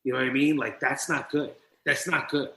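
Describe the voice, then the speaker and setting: Male podcast guest with a forceful, bright voice, swearing and acting out voices as he tells his story, in a roomy space. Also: medium pitch, brisk, gravelly, slight background noise. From New Jersey. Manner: animated, profane, acts out quoted voices. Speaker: podcast guest, recovery mentor. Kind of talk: personal storytelling in an interview. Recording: roomy echo.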